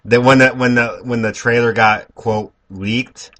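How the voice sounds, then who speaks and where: A man co-hosting a casual movie podcast, relaxed and curious, asking questions. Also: medium pitch, measured pace. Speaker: podcast co-host.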